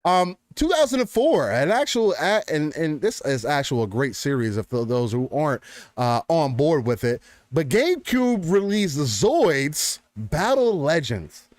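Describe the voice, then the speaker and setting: A man in his twenties co-hosting a casual gaming podcast, joking and animated. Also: a little high, a little slow, no room sound. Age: 20s. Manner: animated, joking, drifts into announcer voice. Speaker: podcast co-host.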